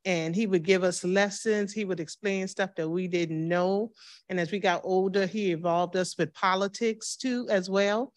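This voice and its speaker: A woman's voice: mid-range voice, fairly even intonation, moderate pace. A woman in her fifties, a church member, telling personal memories of her pastor and acting out the dialogue with laughs. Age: 50s. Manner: warm storytelling, acts out dialogue with laughs. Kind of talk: personal testimony at a reading circle.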